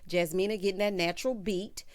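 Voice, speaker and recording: A woman's voice: medium pitch, steady tone, fairly quick. A woman hosting a casual, sassy recap of a reality show, calling her viewers child and honey.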